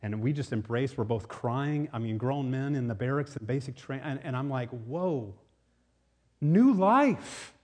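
A man preaching a sermon, telling a personal story in an animated way with many restarts. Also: mid-range voice, brisk, few pauses. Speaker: pastor.

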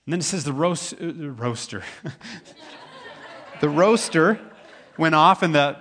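A man from Tennessee, a pastor preaching a sermon in an animated, joking storytelling manner. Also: on the high side, unhurried, some chatter behind.

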